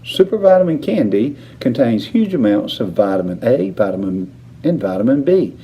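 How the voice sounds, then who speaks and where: A man reading a children's novel aloud, narrating with expressive intonation. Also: mid-range voice, moderate pace. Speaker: reader. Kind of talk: storybook read-aloud narration.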